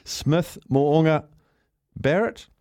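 A man's voice: on the high side, drawn-out words, a little mellow, dry recording, clean studio sound. A man with a New Zealand accent hosting casual sports talkback radio, laid-back and jokey as he reads out listener entries. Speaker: radio host. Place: radio studio.

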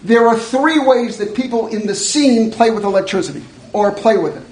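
A man's voice: high voice, moderate pace, a little mellow, slight background noise. A man teaching a live workshop, blunt and joking in a conversational way to an audience. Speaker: educator. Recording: echoey room.

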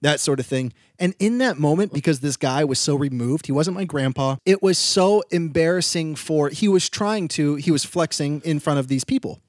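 A man co-hosting a podcast, telling a story in casual chat with quick bursts and frequent laughs. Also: a little high, no room sound, studio quality. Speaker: podcast co-host.

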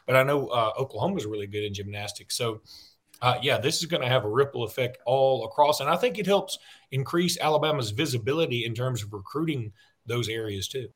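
A man with a Southern accent co-hosts a sports podcast in easy, rambling chat. He talks in a folksy way, circling back and restarting his thoughts, at an ordinary middle pitch. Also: a little fast. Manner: rambling, self-interrupting, folksy. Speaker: podcast co-host.

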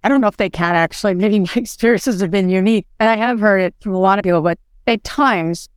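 A woman's voice: mid-range voice, fast talker, smooth, no room sound, studio quality. A woman co-hosting a podcast, speaking in an earnest, encouraging way. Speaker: podcast co-host. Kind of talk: motivational podcast talk.

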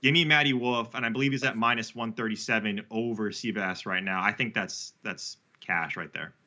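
A man's voice: lowish voice, steady tone, brisk, pushed and bright, dull audio. A man talking through betting picks in a casual podcast chat, rambling and correcting himself with fillers. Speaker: sports betting analyst guest.

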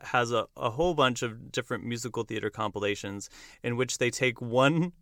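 A young man hosting a podcast, recapping a musical in casual chat, animated and quick to laugh. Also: mid-range voice, no room sound, studio quality. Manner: enthusiastic storyteller who acts out lines and laughs often. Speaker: podcast host.

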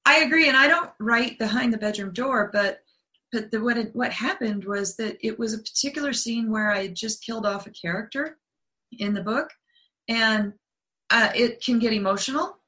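A woman's voice: fairly high pitch, moderate pace, sharp tone. A middle-aged woman, a guest author, talking earnestly in a casual interview with many restarts. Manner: earnest, explains at length, trailing restarts.

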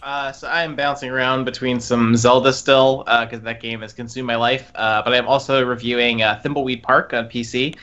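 A man co-hosting a casual gaming podcast, talking in a relaxed, hesitant way with plenty of fillers. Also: medium pitch, moderate pace, few pauses, dull audio. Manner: relaxed, hesitant with many uh's. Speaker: podcast co-host, game reviewer.

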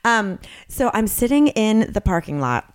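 A woman co-hosting a podcast tells a story in a casual, chatty way. She acts out the people she quotes with lively voices and swears without a second thought, and her pitch sits in the middle range for a woman. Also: measured pace.

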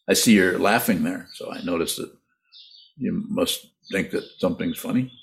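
A man teaching meditation and answering listener questions, halting often and repeating words, with frequent laughs. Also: low voice, creaky.

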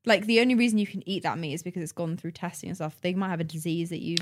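A woman's voice: fairly low pitch, racing, a little hiss or hum. A young woman chatting as a podcast guest in a playful, jokey way. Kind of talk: casual chat.

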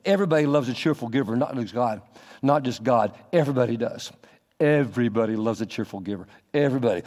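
A man preaching a sermon as pastor, animated, acting out little scenes in a raised voice. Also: mid-range voice, quick pace, in a large hall.

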